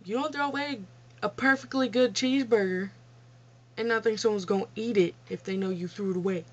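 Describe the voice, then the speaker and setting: In a casual vlog Q&A, a young woman vlogger tells childhood stories bluntly and profanely, often laughing at herself. Her medium-pitched voice moves a little fast, captured on a dull lo-fi home recording.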